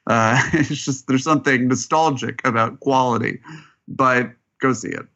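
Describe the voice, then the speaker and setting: A man's voice: medium pitch, normal speed, bright, forceful tone, muffled recording. A man, a film critic on a podcast panel, chatting casually with dry humor.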